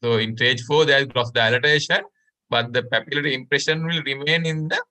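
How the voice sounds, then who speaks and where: A man's voice: mid-range voice, steady tone, fairly quick, sharp tone. A Sri Lankan man teaching a medical class online, explaining step by step and often checking in with "right?". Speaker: medical lecturer.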